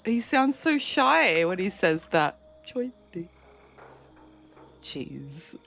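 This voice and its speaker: This woman's voice sits on the high side, sing-song and slow, with vocal fry and a fairly bright tone. Gaming on a home live stream, she chats casually, reads out and answers viewer messages, and laughs easily.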